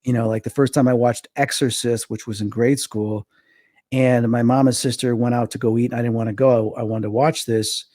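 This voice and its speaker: A man's voice: mid-range voice, a little fast, dry recording, studio quality. A man, a medium guest in an interview, telling stories from childhood and acting out the voices in them. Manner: animated storyteller, acts out quotes. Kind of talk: storytelling in a casual interview.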